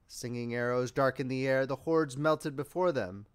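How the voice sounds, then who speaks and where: A man reading an audiobook as narrator in dramatic, expressive storytelling. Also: mid-range voice, normal speed, hardly any pauses. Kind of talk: scripted narration.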